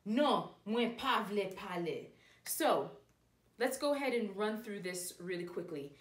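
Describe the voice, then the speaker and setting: A woman's voice: medium pitch, animated, measured pace. A woman teaching a language lesson, explaining patiently step by step. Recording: echoey room.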